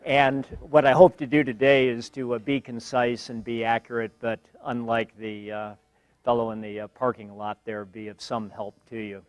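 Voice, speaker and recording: An older man gives a university lecture as a guest speaker in a lecture hall, his mid-range voice level in tone. He speaks in a measured, wry way, pausing often and using fillers as he gathers his words. The sound is close and dry, with little room echo.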